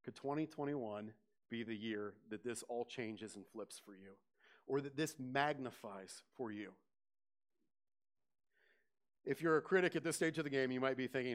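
Male pastor, lively sermon delivery, questions to the room. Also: medium pitch, normal speed. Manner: animated preaching, questions to the congregation, rising loud on quoted scripture.

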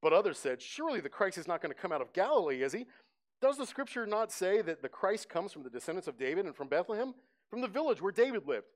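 A man preaching a sermon, telling the scene with lively storytelling and acting out the crowd's voices. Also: high-pitched, quick pace. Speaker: pastor. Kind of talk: sermon teaching.

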